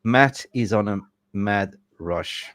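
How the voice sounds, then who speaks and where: A man's voice: on the low side, slow, very noisy. A man hosting a live stream, talking in a casual, effusive and rambling way. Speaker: livestream host.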